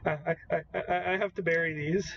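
A man co-hosting a casual podcast, excitable and prone to swearing and exclaiming in disbelief, on a slightly muffled recording with faint noise. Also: fairly high pitch, a little fast, vocal fry. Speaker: podcast co-host. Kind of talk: casual chat.

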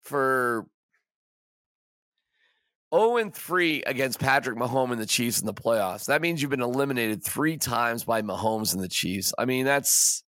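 Animated, bright-voiced male sports podcaster. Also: mid-range voice, a little slow, dry recording, clean studio sound. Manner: exasperated, emphatic, stammering restarts. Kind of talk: casual sports rant.

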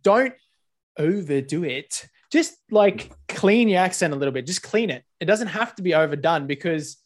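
A man's voice: sits high, expressive, moderate pace. An Australian man co-hosting a podcast, chatting bluntly and swearing freely. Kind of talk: casual chat.

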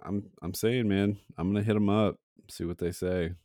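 A man's voice: fairly low pitch, fairly even intonation, normal speed, warm tone, dry recording, clean studio sound. A young man co-hosting a podcast, telling rambling funny stories and laughing often. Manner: rambling storyteller, mocks ad voices, laughs often. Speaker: podcast co-host. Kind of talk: casual comedic chat.

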